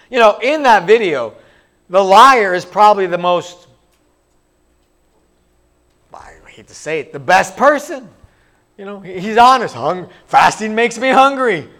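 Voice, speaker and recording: A man's voice: high-pitched, a bit bright. A man preaching a sermon in a casual, self-deprecating way, now and then acting out quoted voices. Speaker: pastor.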